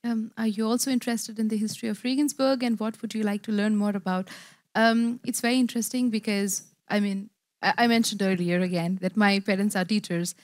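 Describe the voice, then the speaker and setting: A woman's voice: mid-range voice, fairly even intonation, fairly quick, no echo, clean studio sound. A woman answering a question in a group discussion, friendly, with many fillers. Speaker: participant.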